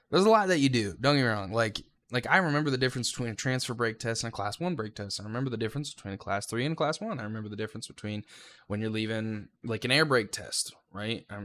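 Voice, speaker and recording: A man's voice: mid-range voice, a bit bright. A young man, a railroad conductor trainee, giving a rambling, casual vlog recap of his training week and swearing freely.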